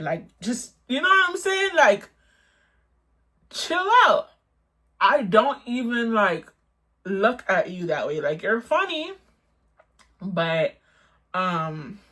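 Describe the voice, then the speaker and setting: Bright-voiced woman telling a story animatedly. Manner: animated, swings high when quoting herself, lots of 'like'. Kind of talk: casual storytime vlog.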